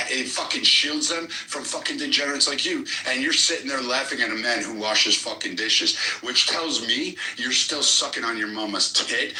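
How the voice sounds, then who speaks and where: A man argues in a heated live audio room, aggressive and full of profanity as he taunts his opponents. His voice is very bright and cutting. He sounds set back from the mic in an echoey space. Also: mid-range voice, far from the mic. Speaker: podcast host.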